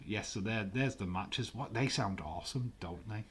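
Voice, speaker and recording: A man's voice: fairly low pitch, lively intonation, normal speed, a little hiss or hum. A man hosting a live stream, chatting casually in a rambling way, swearing freely and reading viewer comments aloud. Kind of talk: casual watch-along chat.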